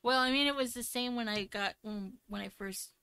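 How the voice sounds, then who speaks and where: Chatty gravelly woman podcast host. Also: on the high side, pushed and bright, no room sound. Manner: chatty, laughs often, reads ad copy haltingly. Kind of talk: casual chat with a read sponsor ad.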